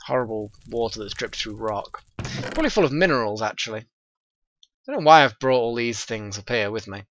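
A man casually commenting on his own gameplay, thinking aloud in a chatty, excitable way. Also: medium pitch, moderate pace, no room sound. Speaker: let's play host.

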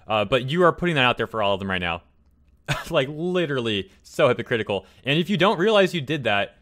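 A man's voice: medium pitch, fairly bright tone. A man hosting a commentary vlog, ranting heatedly and repeating his points for emphasis. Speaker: commentary channel host.

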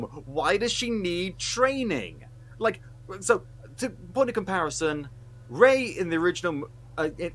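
Animated, sweary man ranting. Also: high voice, a little hiss or hum. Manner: heated, sweary, sarcastic ranting. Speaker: podcast co-host reviewing films. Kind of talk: casual podcast rant.

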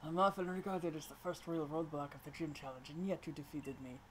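A woman doing a calm, humble old fighter's voice. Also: a little hiss or hum, lightly acted. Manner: low, quiet, measured, attempting a Japanese accent. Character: older male gym leader, calm and humble.

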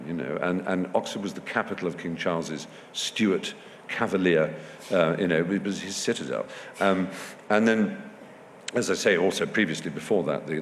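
Low-voiced man, wry festival guest. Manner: discursive and wry, frequent restarts. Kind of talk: onstage festival conversation. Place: festival stage before an audience. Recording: long hall reverb, faint background noise.

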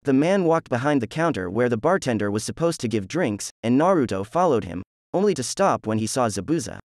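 A man's voice: medium pitch, big pitch swings, a little fast, a little mellow, no room sound. A man reads a fan story aloud in a crude, jokey way, his voice in an ordinary middle register. The recording is dry and close, with no room sound. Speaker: narrator. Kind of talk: fan fiction reading.

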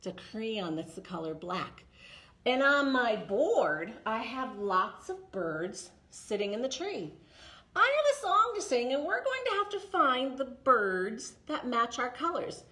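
A woman leading a toddler story time, talking slowly and brightly to small children, with songs and finger plays. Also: on the high side. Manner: slow, sing-song and animated, talking to small children. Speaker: children's librarian.

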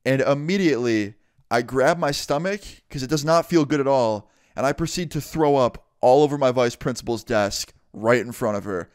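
Guy doing a story time vlog, smooth voice, dry close sound, swears a lot. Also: mid-range voice, moderate pace, no echo. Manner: casual, swears a lot, acts out every voice. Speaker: vlogger.

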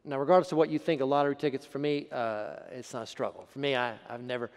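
A middle-aged man preaching a sermon as a pastor, telling a story and acting out the voices of the people in it, swinging between loud and hushed. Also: medium pitch, steady tone, quick pace, smooth. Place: church sanctuary. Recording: long hall reverb.

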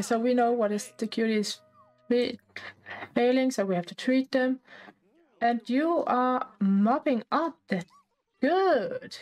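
A woman talking casually over life-sim gameplay, halting and chatty with many fillers and restarts, often out of breath. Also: a little high, darkish tone, rough recording. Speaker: gameplay narrator.

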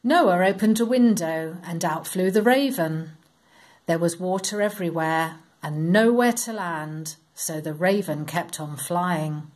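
A woman reading a Bible story aloud to children, in a slow, expressive, sing-song storytelling manner. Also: on the low side.

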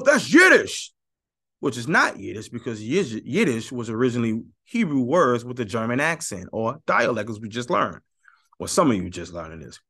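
With a mid-range, slightly bright voice, this man talks directly to viewers on camera about religion. His commentary is heated, sarcastic, and emphatic, and he keeps repeating his points.

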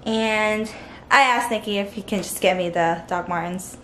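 A woman's voice: medium pitch, moderate pace, bright, forceful tone, a little hiss or hum. A young woman in her twenties chatting casually to camera as a lifestyle vlogger, bubbly and full of fillers. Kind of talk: casual vlog chat to camera.

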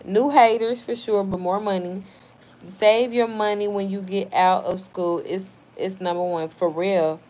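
A woman's voice: mid-range voice, fairly even intonation, measured pace, a little mellow. A woman in her thirties hosting a live stream, reading out viewer comments in a blunt, heated, profane way.

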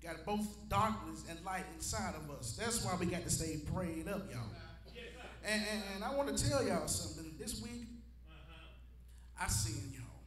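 A man preaching a sermon to a responding congregation, building from storytelling into shouted preaching. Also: high voice, lively intonation, normal speed. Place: church sanctuary. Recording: echoey church with organ music. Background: congregation call-outs and organ.

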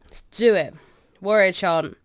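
A young woman playing a game and commenting, excitable and swearing as she shouts orders at her troops. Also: mid-range voice, unhurried. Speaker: gaming streamer. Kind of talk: let's play commentary.

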